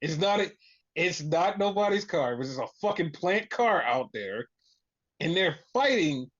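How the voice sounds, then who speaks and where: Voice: medium pitch, moderate pace, dull audio. A podcast host recapping in casual chat, swearing freely and acting out quotes. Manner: profane, animated retelling with voiced quotes.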